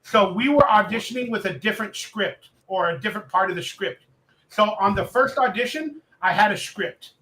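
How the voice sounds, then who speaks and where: A man guesting on a live interview show, telling an excitable story and acting out the voices of the people in it. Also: high-pitched, moderate pace, echoey room, poor audio. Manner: excitable, acts out quoted voices. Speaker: actor guest.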